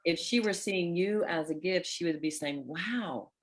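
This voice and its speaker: A woman life coach hosting a live call, calmly explaining and reassuring. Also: on the low side, measured pace.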